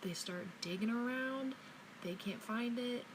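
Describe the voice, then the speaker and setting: A young woman tells a story in parts to her phone camera, emphatic and swearing freely. Her voice is a little high and measured in pace, and the phone recording is noisy.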